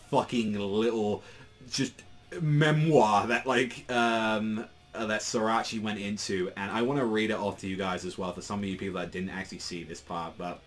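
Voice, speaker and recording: Rambling young man reviewing a comic. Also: fairly low pitch. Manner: rambling, heavy use of "like", swearing. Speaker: manga reviewer. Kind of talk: casual reaction commentary.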